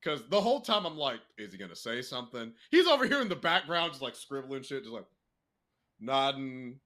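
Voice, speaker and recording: A young man co-hosting a casual podcast, talking freely with swearing and laughter, jumping into a high excited voice. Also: fairly quick. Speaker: podcast co-host. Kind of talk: casual chat.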